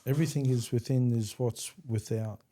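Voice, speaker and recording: A man's voice: mid-range voice, fairly even intonation, moderate pace, warm tone. A man hosting a podcast interview, speaking in a reflective and affirming way. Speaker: podcast host. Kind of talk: interview conversation.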